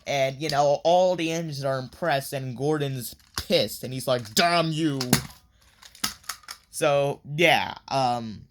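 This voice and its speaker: A man's voice: medium pitch, a bit bright, a little hiss or hum. A man casually recapping a story in a rambling review, with many fillers and offhand swearing.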